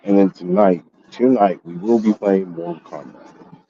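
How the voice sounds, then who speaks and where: A man with a low, husky voice tells a story in a casual gaming vlog, ranting with plenty of swearing. The recording is dull and lo-fi. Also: moderate pace, dark tone, no echo. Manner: profane, exasperated ranting. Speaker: gaming YouTuber.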